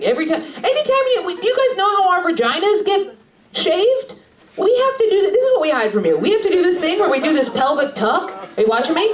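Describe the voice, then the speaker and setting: A woman stand-up comedian doing crude, brash crowd work on a club stage, with quick asides to the audience. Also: high voice, recorded from a distance. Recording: roomy club sound, crowd laughter.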